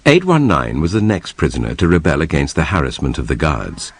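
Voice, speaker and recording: Deep male doc narrator, grave and measured, voice swings up and down a lot. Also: very animated, noisy background. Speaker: documentary narrator. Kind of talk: scripted narration.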